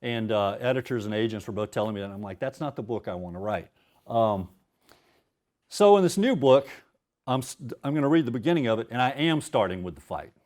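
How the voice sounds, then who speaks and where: A man's voice: mid-range voice, lively intonation, brisk, darkish tone. A man in his fifties, an author at a university event, chatting casually with self-deprecating asides before reading his prose aloud.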